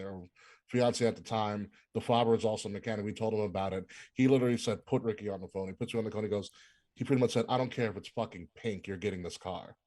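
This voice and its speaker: Low-voiced man telling a story. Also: darkish tone. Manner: storytelling with many fillers. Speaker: podcast co-host. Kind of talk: casual chat.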